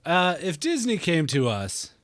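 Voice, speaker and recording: A man's voice: on the high side, huge pitch swings, measured pace, fairly bright tone, dry recording. A man co-hosting a casual gaming podcast, talking in a jokey, irreverent way. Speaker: podcast co-host.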